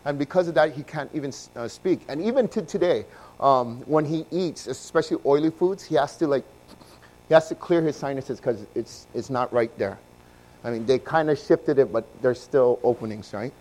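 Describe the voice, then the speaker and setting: A man preaching a sermon, moving from quiet, low passages to loud, emphatic ones and asking his listeners questions. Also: normal speed. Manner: swings from soft and low to loud and emphatic, asks the congregation questions. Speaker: pastor.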